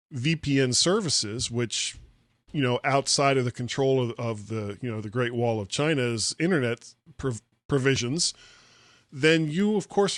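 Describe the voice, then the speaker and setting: A man's voice: mid-range voice, no echo, studio quality. A man hosting a casual tech podcast, wry and lightly sarcastic as he reads out news stories and comments on them. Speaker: podcast host.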